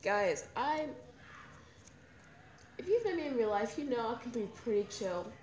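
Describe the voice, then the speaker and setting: A woman's voice: on the high side, sing-song, unhurried, a little mellow, slight background noise. Chatty young woman in echoey room. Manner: candid, rambling, emotional. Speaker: podcast host. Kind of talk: casual personal talk. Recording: echoey room with faint ambience.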